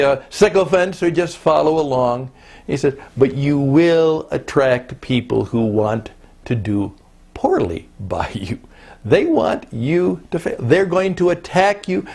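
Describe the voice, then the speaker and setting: A man's voice: a little high, darkish tone. An older man teaching a recorded course, talking in a reflective, conversational way full of rhetorical questions. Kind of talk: recorded lecture.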